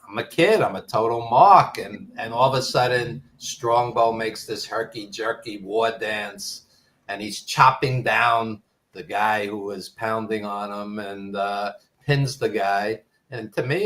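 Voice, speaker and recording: A man's voice: fairly low pitch, a bit bright. An older man with a Brooklyn accent, a podcast guest telling nostalgic stories in a rambling way full of ums. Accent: Brooklyn New York. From New York. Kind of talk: casual storytelling.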